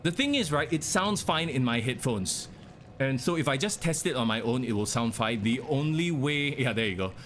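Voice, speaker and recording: A man's voice: mid-range voice, animated, normal speed, fairly bright tone. Young guy streaming, chatting with chat, bit of background hiss. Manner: chatty, talks to chat, reacts to the game. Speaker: game streamer. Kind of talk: casual live-stream commentary.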